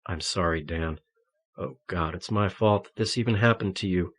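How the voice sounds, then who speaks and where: Brief: male reader doing a quiet, earnest young priest in an audiobook, low and soft. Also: animated, moderate pace. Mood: tearful.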